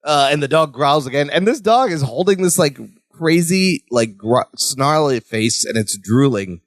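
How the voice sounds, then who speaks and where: A man's voice: a little high, expressive, normal speed, dry recording, studio quality. A man co-hosting a casual podcast, recapping scenes with quoted lines and laughter. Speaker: podcast co-host. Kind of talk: casual rewatch podcast chat.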